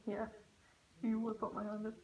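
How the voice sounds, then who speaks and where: A woman's voice: mid-range voice, monotone, a little slow, muffled recording. A woman chatting casually to her viewers in a vlog, rambling and saying "like" a lot. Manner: rambling, says "like" often. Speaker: vlogger. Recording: loud background noise.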